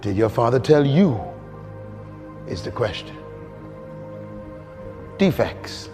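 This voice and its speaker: Animated middle-aged preacher in a reverberant hall. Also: male voice, slow. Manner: call-and-response preaching, climbing to high emphatic peaks. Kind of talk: sermon. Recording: long hall reverb with faint music.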